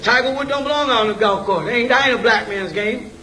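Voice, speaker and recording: A man with a very high, sharp voice gives an informal lecture to a group at a brisk pace, blunt and casual, constantly asking things like "you know what I'm saying?". The mic is distant in an echoey room, with faint ambient noise.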